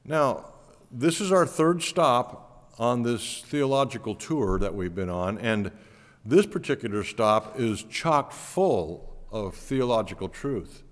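A male pastor delivers a teaching sermon with earnest emphasis. His pitch swings lively up and down as he stresses key points. The voice carries a long reverb from a large church hall. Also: takes it slowly.

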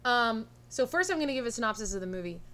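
A woman's voice: on the high side, lively intonation, quick pace, pushed and bright. A woman co-hosting a casual film review podcast, playful and jokey with frequent giggles. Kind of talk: casual chat.

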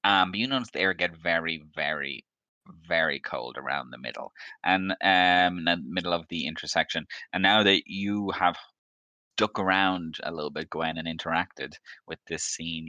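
A man running a tabletop game as game master, relaxed, laughing often and filling pauses with um. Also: low-pitched, no room sound, highs cut off.

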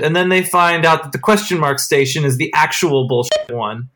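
A podcast co-host in casual chat, rambling and excitable, with many restarts. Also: mid-range voice, moderate pace.

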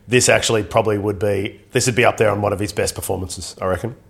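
A man's voice: on the low side, steady tone, fast, creaky. A man co-hosting a casual film podcast, talking in a rambling, hesitant way. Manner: rambling, hesitant with many ums. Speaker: podcast co-host.

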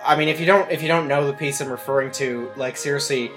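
Man, podcast co-host, casual rambling chat, lots of fillers, mid-pitched voice. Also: fairly even intonation, fast, over music. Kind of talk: casual film-review chat.

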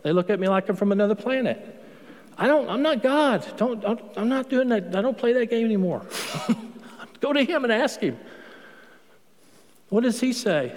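A priest giving a sermon in an emphatic, conversational way, repeating words for effect. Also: male voice, very high-pitched, expressive, normal speed, pauses often. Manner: conversational preaching, emphatic repetition. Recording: long hall reverb.

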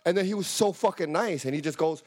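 A man from New York telling a story in casual, profane podcast chat, acting out the people in it in a high, animated voice. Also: fast talker. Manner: animated, swearing, acts out voices in a high pitch. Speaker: podcast co-host.

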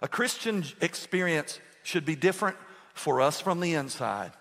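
An older man preaches to his congregation with lively, humorous storytelling, firing questions at the room. His voice sits slightly high and moves through a wide, expressive range. A long church reverb trails behind every phrase. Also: normal speed. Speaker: pastor. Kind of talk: sermon. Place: church sanctuary.

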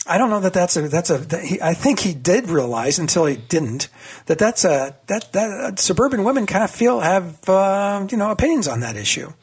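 A husky-voiced man in his sixties talks politics as a guest on a radio show. He gets excited easily, his voice climbing high as he trips over restarts, and sits a little higher in pitch than most men. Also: normal speed. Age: 60s. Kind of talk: casual political radio chat.

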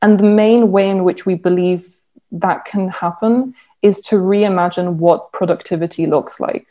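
A woman's voice: fairly low pitch, fairly even intonation, a little slow, dark tone. A woman researcher explaining her findings in an interview, with frequent ums and restarts. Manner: hesitant, many fillers and restarts. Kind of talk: interview answer.

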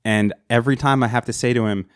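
A man rants in a profane, exasperated way while he tells a comedic story. He sounds dry and close to the mic, and his pitch sits in the middle. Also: fairly even intonation, fast, no echo.

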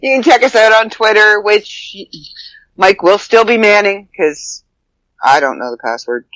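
A woman chats bluntly on a podcast, cracking jokes and cursing without a second thought. Her pitch swings widely from line to line. The sound is dry and close, with no room around it. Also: expressive, a little slow, fairly bright tone, no room sound, poor audio. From Canada. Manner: blunt, joking, swears casually. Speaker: podcast co-host. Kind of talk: casual podcast chat.

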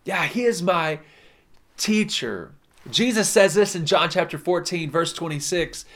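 A man preaching a sermon, moving from loud emphatic lines to soft, slowed-down words as he speaks straight to his listeners. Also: on the high side, animated. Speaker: pastor.

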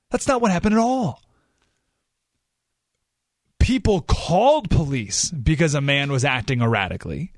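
A man hosting a talk radio show, speaking casually but emphatically. He slows right down to stress his points and breaks into animated outbursts. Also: a little high, no room sound, studio quality. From San Diego area. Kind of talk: conversational talk radio monologue. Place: radio studio. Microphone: studio microphone.

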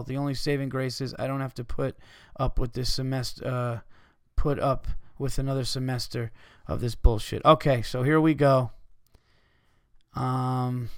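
A man's voice: medium pitch, dry recording, clean studio sound. A man hosting his own podcast, ranting with heavy profanity and reading listener messages aloud. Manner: profane, rambling, fired-up ranting. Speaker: podcast host. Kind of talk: solo podcast rant, reading listener letters.

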